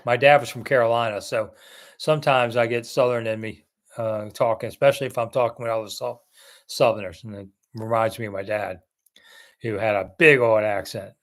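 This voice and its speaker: A man's voice: lowish voice, fairly even intonation, fairly quick. A man from Washington, D.C., hosting a casual live-stream chat, rambling as he answers viewer comments one by one. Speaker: host.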